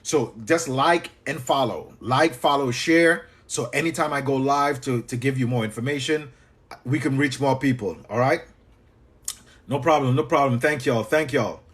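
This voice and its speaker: A man's voice: mid-range voice, normal speed, breathy edge. A man coaching live on a livestream, casual and chatty, talking to viewers by name and repeating himself. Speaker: business coach. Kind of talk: livestream tutorial.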